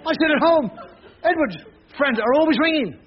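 Animated comic with a live crowd. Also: male voice, normal speed. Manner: animated, shouts names in bursts, drops low to mutter. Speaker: stand-up comedian. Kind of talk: stand-up comedy storytelling. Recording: lo-fi live club recording. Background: loud audience laughter and noise.

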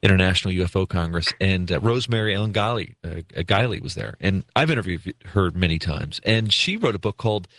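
Low-voiced guy hosting call-in radio, relaxed chatty, dry close sound. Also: quick pace, few pauses, dry recording. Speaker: radio talk show host. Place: makeshift studio.

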